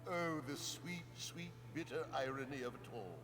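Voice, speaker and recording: An actor playing a melodramatic, self-pitying washed-up stage actor in a video game, declaiming grandly. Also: male voice, a little high, moderate pace, music in the background, natural voice, low-quality recording. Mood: bitter.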